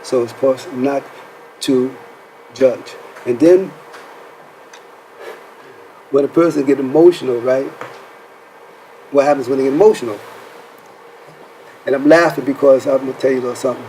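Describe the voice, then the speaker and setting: A man's voice: mid-range voice, normal speed, long pauses, mellow, a little hiss or hum, poor audio. A man hosting a faith-based counseling talk show, asking rhetorical questions and checking in with "right?" as he speaks. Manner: preacherly, rhetorical questions, says "right?" often.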